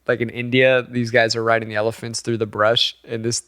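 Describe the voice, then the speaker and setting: A man in relaxed, unscripted podcast talk, swearing as he tells stories and breaking into laughs. His voice sits at an average pitch for a man. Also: fairly quick, clear, resonant tone. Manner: laid-back, profane storytelling with frequent laughs. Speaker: podcast co-host. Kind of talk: casual chat.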